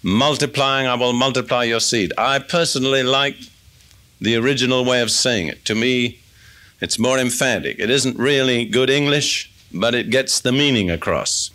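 Male preacher, bright clear tone, conversational Bible teaching, reads verses aloud. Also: medium pitch, normal speed. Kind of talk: expository sermon.

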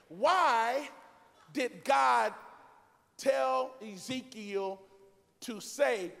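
A man's voice: high-pitched, slow pace, creaky, a bit bright. A man preaching a sermon in a church, fervent and rhythmic, repeating his lines and calling out to the congregation. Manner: fervent, rhythmic preaching with repetition and calls to the crowd. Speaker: pastor. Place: church sanctuary. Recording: long reverb of a large church hall.

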